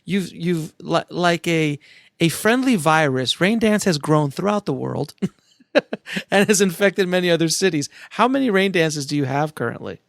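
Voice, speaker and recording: Higher, gravelly male podcast host. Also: animated, a little slow, no echo. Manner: effusive, complimentary. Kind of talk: casual interview chat.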